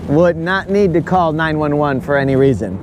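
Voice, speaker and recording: Man, high voice, slow rambling jokes, fishing livestream, boat outdoors, faint boat and water noise. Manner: rambling, goofy, says "bro" a lot. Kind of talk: casual joking chat.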